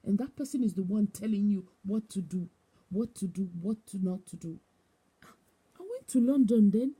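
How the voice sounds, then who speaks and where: A woman's voice: medium pitch, expressive, moderate pace, warm tone, slightly rough. A woman giving a personal testimony, telling her story with emotion and repetition and acting out the voices of others. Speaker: testimony speaker.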